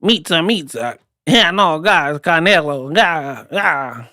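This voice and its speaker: A man doing a mocking impression of a boxer, with a heavy put-on accent and exaggerated, drawn-out shouts. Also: a little high, animated, no echo, studio quality, full character voice. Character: impression of a famous male boxer, loud and grunting.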